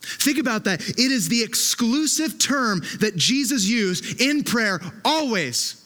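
A man's voice: very high-pitched, big pitch swings, slow, pushed and bright. A man preaching a sermon with an impassioned, emphatic delivery, often repeating his words as he presses a point.

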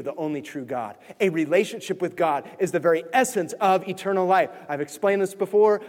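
A man preaching with fervor, his voice pitched high and often near a yell before it drops low and earnest. He is a pastor in a church, heard with a long echo off the walls. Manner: passionate, near-yelling preaching with wide swings in loudness. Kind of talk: sermon. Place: church sanctuary.

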